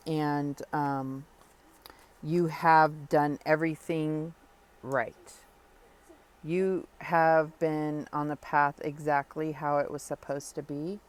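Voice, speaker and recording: A woman giving a spoken tarot reading, talking earnestly and reassuringly straight to the listener, with pauses and fillers as she thinks. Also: deep voice, flat delivery, darkish tone. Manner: thoughtful with frequent pauses and fillers. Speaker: tarot reader.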